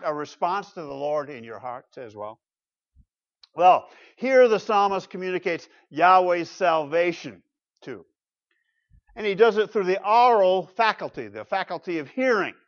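Emphatic pastor preaching, muffled recording. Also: male voice, high-pitched. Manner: emphatic, conversational, pulls congregation in with asides. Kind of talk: sermon.

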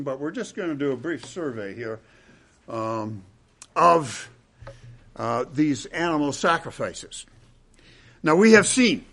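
A man preaching a sermon to his congregation, with dramatic emphasis, pauses and repeated lines. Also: fairly high pitch, sharp tone. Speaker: pastor.

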